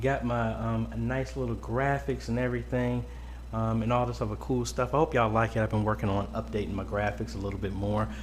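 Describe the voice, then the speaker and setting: A man's voice: fairly low pitch, flat delivery, brisk, slight background noise. A man hosting a casual weekly live-stream Q&A from a home studio, greeting viewers by name with lots of ums. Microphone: boom-arm mic close up.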